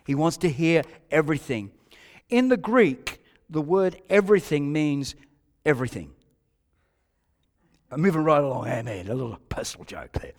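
A man with an Australian accent preaching a sermon as a pastor, emphatic, repeating key phrases and moving between loud and hushed delivery. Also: fairly high pitch, lively intonation, normal speed, pauses often, in a large hall.

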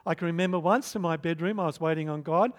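A middle-aged man preaching a sermon as pastor, swinging from loud emphatic bursts to soft hushed stretches. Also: fairly high pitch, fast talker.

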